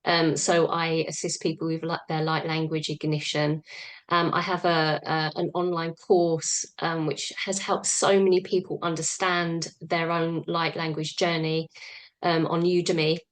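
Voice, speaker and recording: A woman guest in a casual online chat, calm and steady, with many pauses. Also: sits low. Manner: calm and even, with many fillers. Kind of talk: casual chat on a video call.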